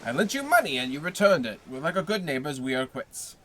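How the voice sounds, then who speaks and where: A man's voice: a little high, big pitch swings, quick pace, fairly bright tone. A man reading aloud, voicing a grizzled, worldly male tailor neighbor who talks in a hearty, overly familiar way.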